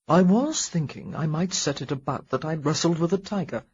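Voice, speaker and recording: A woman reading an audiobook, voicing a gentle, dryly humorous young English gentleman in a low, soft, slow voice. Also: husky, muffled recording. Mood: wry.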